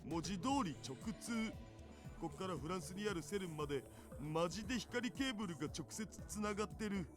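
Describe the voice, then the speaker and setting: An actor playing an excitable, nerdy young male hacker in a game, blurting out amazed discoveries. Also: sits high, very fast, music in the background, natural voice. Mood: excited. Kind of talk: anime-style game voice acting.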